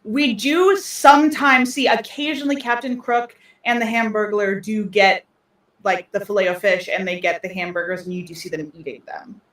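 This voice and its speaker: A woman's voice: medium pitch, normal speed, fairly bright tone, recorded from a distance. A woman co-hosting a casual podcast chat, rambling with many ums and restarts. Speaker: podcast co-host. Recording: roomy sound, voice off-mic.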